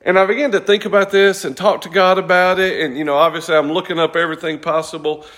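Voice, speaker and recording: High-voiced man preaching a sermon. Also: flat delivery, quick pace, a bit bright. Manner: earnest, conversational, self-correcting. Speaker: pastor.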